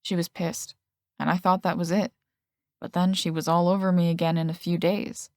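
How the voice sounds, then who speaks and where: A woman's voice: lowish voice, level tone, normal speed, darkish tone, no room sound, clean studio sound, natural voice. A woman voicing an earnest, slightly hesitant young man in an audiobook.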